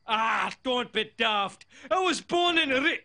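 An actor voicing a hot-tempered male groundskeeper in a cartoon, with a gruff Scottish brogue. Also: very high voice, animated, takes it slowly, bright, forceful tone, full character voice. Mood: furious. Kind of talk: cartoon voice acting.

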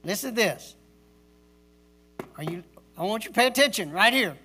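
Forceful, stern male pastor preaching. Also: high voice, animated, moderate pace, a little hiss or hum. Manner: emphatic, repeats key words for stress; stern, drill-sergeant tone. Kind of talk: sermon. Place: church service.

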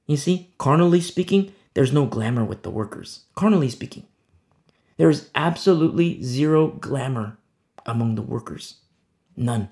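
A man delivers a sermon in a gravelly voice of middling pitch. He presses his points with rhetorical questions, rising to loud emphasis and then dropping to a hush. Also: animated, normal speed. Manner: swings between loud and hushed. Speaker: preacher.

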